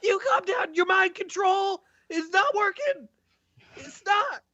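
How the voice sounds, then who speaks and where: A man's voice: expressive, takes it slowly, pushed and bright, no room sound, full character voice. A man voicing a frantic, paranoid woman who screams accusations at a guard, in a dull, dry recording. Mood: screaming. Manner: screaming, shrill and hysterical.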